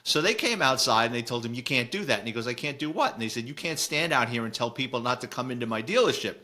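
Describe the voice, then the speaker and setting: A middle-aged man with a New York accent talks fast in an expressive, bright, forceful mid-range voice. He hosts a podcast as a retired cop, reading and commenting on news in casual chat, chuckling as he reads and telling blunt, chatty stories.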